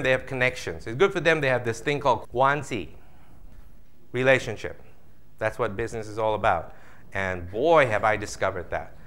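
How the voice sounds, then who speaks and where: A man giving a live motivational seminar talk, animated and jokey, acting out voices of the audience. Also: medium pitch. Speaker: motivational speaker.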